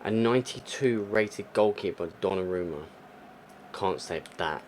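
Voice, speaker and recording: A young gaming YouTuber, whose deep voice is expressive and a little mellow, commentates his football video game live in an unhurried way over a slight hiss or hum. His frustration swings between muttering and exclamatory outbursts.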